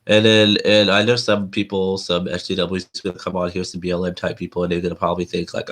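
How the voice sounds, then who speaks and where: A man's voice: sits low, flat delivery, brisk, a bit bright. A man in his twenties hosting a live stream, talking to viewers in a rambling, blunt, informal way with casual slang. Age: 20s.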